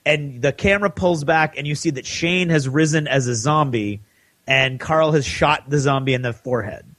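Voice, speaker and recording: A man co-hosting a podcast who gives an animated recap of a TV episode and acts out the characters' lines. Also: a little high, moderate pace, no echo. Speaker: podcast co-host.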